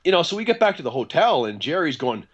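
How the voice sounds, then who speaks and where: A man, a guitarist being interviewed, telling stories in a casual, animated way and acting out the dialogue he quotes. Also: fairly high pitch, fast talker, highs cut off. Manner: animated, acts out quoted dialogue, chatty with fillers. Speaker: guest guitarist.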